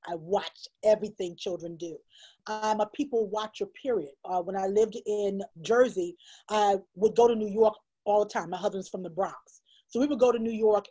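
A woman with a husky, breathy edge to her voice tells stories in an interview. She is emphatic and heartfelt, and she often doubles a phrase to drive it home. Her pitch sits in a middle range. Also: dark tone, poor audio. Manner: emphatic, repeats phrases for stress. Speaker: illustrator and storyteller, guest.

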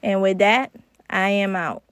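A young woman hosts a parenting podcast in a mid-range, unhurried voice. She chats casually and addresses her listeners as y'all.

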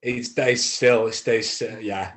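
Halting low-voiced man, casual chat. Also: steady tone, fairly bright tone. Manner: halting, many restarts, gets emphatic giving advice. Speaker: guest actor.

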